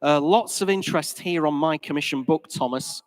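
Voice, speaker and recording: A man working as auctioneer at a live car sale, calling bids in a brisk, rhythmic patter in a sale room. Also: fairly high pitch. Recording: reverberant hall.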